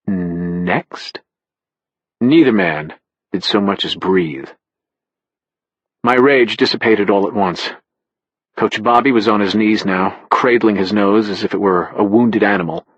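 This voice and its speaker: A man narrating a thriller audiobook in the first person, in a measured, matter-of-fact way. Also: lowish voice, fairly bright tone, breathy edge, no echo, muffled recording.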